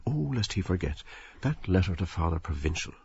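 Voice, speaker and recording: A man narrating a novel as an audiobook, expressive and slipping into the characters' inner voices. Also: low voice, fairly quick, vocal fry, slightly rough, dull audio.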